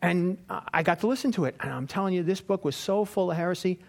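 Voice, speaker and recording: A man's voice: high-pitched, quick pace, vocal fry. A man giving an informal Bible teaching in a rambling, anecdotal way, with frequent fillers. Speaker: preacher.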